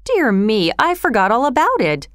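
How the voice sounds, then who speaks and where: A woman voicing a flustered, kindly old gentleman who speaks politely in a storybook reading. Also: a little high, big pitch swings, moderate pace, dry recording, clean studio sound.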